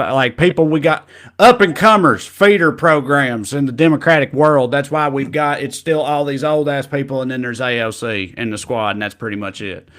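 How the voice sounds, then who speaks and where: A man's voice: mid-range voice, a bit bright. A man hosting a casual comedy show, easygoing and agreeable, who reads viewer comments aloud. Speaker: podcast host.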